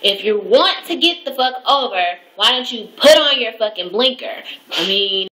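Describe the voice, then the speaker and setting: Young woman, bright voice, profane exasperated rant, echoey room. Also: on the high side, expressive, normal speed. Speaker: vlogger. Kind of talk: ranting casual vlog.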